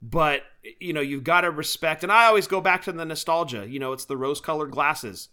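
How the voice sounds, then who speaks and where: A man with a slightly high, sharp-toned voice talks a little fast while co-hosting a podcast. The chat is casual and excited, covering wrestling shows and collectibles, and he laughs often.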